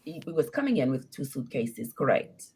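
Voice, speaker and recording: A woman's voice: rumbling low, sing-song, moderate pace, a little mellow, slightly rough. A woman calling in to a live show, animatedly telling her own story, laughing and acting out the quotes. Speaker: caller. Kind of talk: call-in storytelling.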